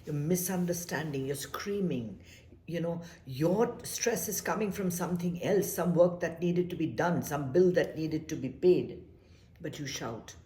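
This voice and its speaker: A woman giving life advice in a casual, reflective talk, animated and emphatic, repeating her points and dropping to a soft whisper for emphasis. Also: sits low, a little slow. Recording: echoey room.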